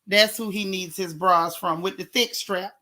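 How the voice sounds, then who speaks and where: Bright-voiced indignant woman gossip vlogger. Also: lowish voice, steady tone, normal speed. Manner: indignant, sarcastic, talks straight to viewers. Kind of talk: casual commentary.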